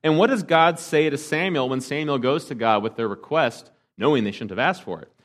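A pastor delivering a sermon, asking the congregation rhetorical questions and dropping to a hush for emphasis. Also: male voice, mid-range voice, fairly quick. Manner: swings between emphatic and hushed delivery.

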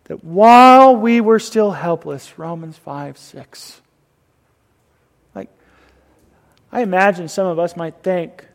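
High-voiced preacher in a reverberant hall. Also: male voice, slow, vocal fry, pauses often. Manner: swings from loud emphasis to soft whispers. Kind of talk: sermon.

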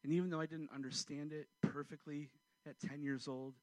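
A man in his forties, a pastor, preaching a sermon and telling a personal story, swinging from loud outbursts to hushed, quiet passages. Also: a little high, flat delivery, a little fast, no room sound.

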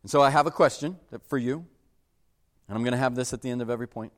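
A pastor delivers a sermon at a fast clip in a medium-pitched voice, keeping it conversational and acting out the voices of people he quotes. A long hall reverb colors the recording.

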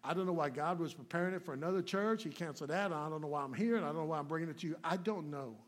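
Racing along in a voice on the high side, a guest preacher offers a plainspoken, folksy sermon that alternates between emphatic, loud points and hushed remarks.

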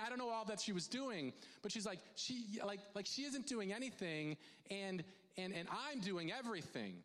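Man, pastor, conversational sermon, animated, keeps restarting, long hall reverb. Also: high voice, normal speed. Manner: chatty and animated, with frequent restarts and asides to the congregation.

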